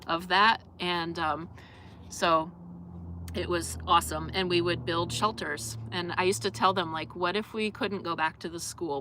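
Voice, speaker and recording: Woman, young adult, live-stream host, bright tense tone, lowish pitch, rambling chatty talk, faint background hum. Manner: chatty, rambling with many fillers, reads out viewer comments. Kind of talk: casual live-stream chat with viewers.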